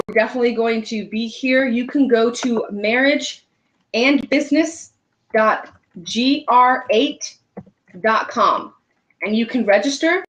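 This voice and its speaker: A woman's voice: on the high side, a bit bright, lo-fi sound. Chatty woman hosting a live stream. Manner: chatty, upbeat, many fillers. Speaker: host. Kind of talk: casual live-stream chat.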